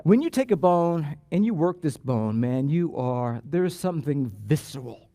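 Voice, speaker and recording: A pastor preaching a sermon in church, animated and emphatic, often repeating words and drawing out key phrases. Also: male voice, on the high side, normal speed, no room sound. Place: church sanctuary.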